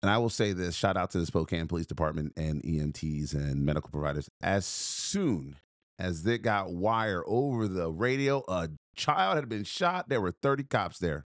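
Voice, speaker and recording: A man's voice: low voice, expressive, moderate pace, no room sound, studio quality. A man telling a story on a podcast in an emphatic, punchy way, repeating phrases and restarting.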